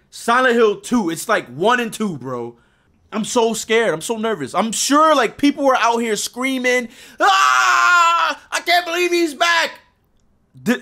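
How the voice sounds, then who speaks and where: Brief: young male reaction host, high and expressive, emotional and pleading. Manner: emotional, animated, swearing, pleading. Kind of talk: excited video reaction.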